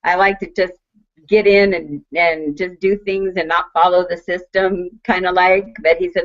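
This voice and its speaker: An older woman telling an excited testimonial on a call, laughing often and acting out what was said. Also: on the low side, moderate pace. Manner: bubbly, laughing, acts out quotes. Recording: muffled online call audio.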